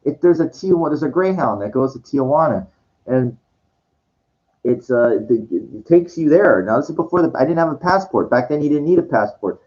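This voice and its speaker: A man's voice: a little high, animated, fairly quick, darkish tone. A man telling a rambling personal story full of restarts and swearing, breaking into quoted voices. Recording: dull lo-fi recording.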